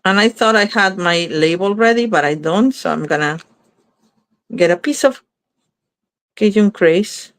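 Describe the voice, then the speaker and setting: A craft video host makes cards while chatting casually, talking through her thoughts and often correcting herself. She speaks at medium pitch, unhurried with long pauses, in a dry recording.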